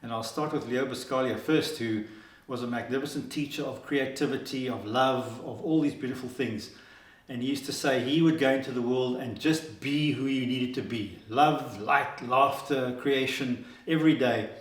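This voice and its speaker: A man's voice: medium pitch, moderate pace, roomy sound. A man hosting an inspirational talk, earnest and upbeat, with many fillers and restarts. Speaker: host.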